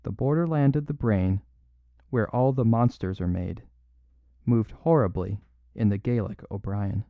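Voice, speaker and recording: A man's voice: on the low side, unhurried, dry recording. Man narrating a story, dull dry sound. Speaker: audiobook narrator. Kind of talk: scripted narration.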